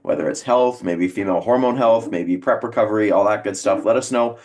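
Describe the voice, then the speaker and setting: A man's voice: lowish voice, brisk, darkish tone. A man hosting a podcast, wrapping up the episode with short, laid-back remarks. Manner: brief upbeat interjections, laid-back wrap-up. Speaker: podcast host.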